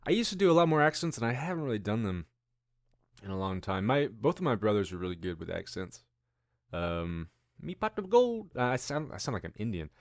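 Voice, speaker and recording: A man's voice: on the low side, animated, fast, dry recording, clean studio sound. A man in his thirties hosting a casual news-commentary show, rambling and musing with self-deprecating asides. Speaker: host.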